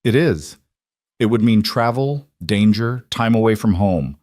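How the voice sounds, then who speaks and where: A man doing a weary old-west lawman turned family man, steady and solemn, in a low, grounded voice. The recording is close and completely dry. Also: measured pace, dry recording. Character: weary, devoted former lawman and husband.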